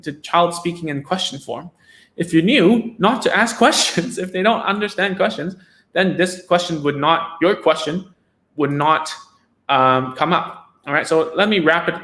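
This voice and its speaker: A man with a slightly raised pitch hosts a casual live stream, answering parents' questions about speech therapy. He talks loosely, restarting sentences and checking in with "right?" and "okay?" after each point. He sounds like he is at a desk mic indoors. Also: bright, forceful tone.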